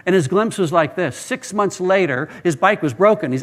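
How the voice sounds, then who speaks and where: A man's voice: sits high, lively intonation, normal speed. A male pastor preaching a sermon, telling stories earnestly and often repeating words as he starts a phrase.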